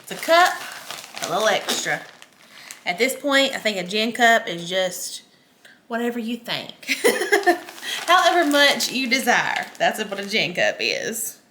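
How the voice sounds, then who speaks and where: A woman's voice: a little high, very animated, unhurried, sharp tone, slight background noise. Chatty woman hosting a cooking show. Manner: chatty, giggly, talks to viewers as y'all. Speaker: cooking channel host. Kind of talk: casual cooking demo chat.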